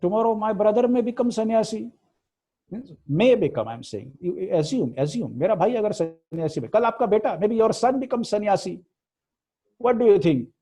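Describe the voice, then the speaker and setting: A middle-aged man with an Indian accent leads a casual religious class and moves between Hindi and English as he tells anecdotes. His voice sits high for a man and sounds husky and gravelly. The tone is mellow, not bright. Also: expressive, rapid-fire, low-quality recording. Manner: storytelling, mixing Hindi and English, acting out quotes. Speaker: spiritual teacher.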